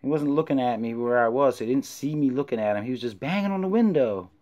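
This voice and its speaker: A man casually telling a story to camera, with loose, filler-heavy slang, who gets louder and higher when he quotes himself. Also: fast talker. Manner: animated, rises when quoting himself. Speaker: vlogger recounting an encounter.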